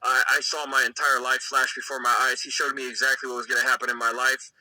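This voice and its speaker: A man's voice: mid-range voice, little pitch movement, fast talker, bright, forceful tone, no room sound, low-quality recording. A man giving a personal faith testimony in an earnest, emotional, conversational way, with many fillers.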